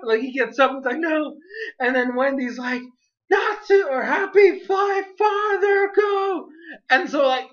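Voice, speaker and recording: A bright, sharp-toned voice of an anime reviewer chatting casually through an episode. The talk is loose and peppered with "like", and it swells into animated retellings of the scenes. The recording sounds dull and lo-fi. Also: medium pitch.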